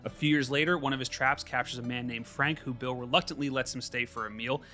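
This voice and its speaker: Upbeat bright-voiced male podcast host. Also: medium pitch, fairly even intonation, fast, soft background music. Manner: upbeat, laughs often, recaps plot. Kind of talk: casual podcast chat.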